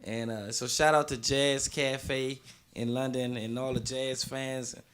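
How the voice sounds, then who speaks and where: A man in his twenties from Washington, D.C., a guest singer talking in a relaxed, slangy radio chat and laughing often. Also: mid-range voice, unhurried, smooth. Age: 20s.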